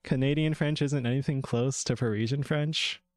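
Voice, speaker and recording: A man's voice: medium pitch, fairly even intonation, normal speed, no echo, clean studio sound. Rambling, cussing streamer guy. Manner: rambling and chatty, swears freely, laughs often. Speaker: VTuber game developer streamer. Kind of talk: casual live-stream chat.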